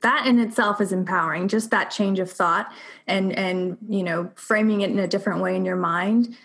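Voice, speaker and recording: A woman's voice: mid-range voice, steady tone, normal speed, creaky, a bit bright. Woman podcast host, casual interviewer, affirming and conversational.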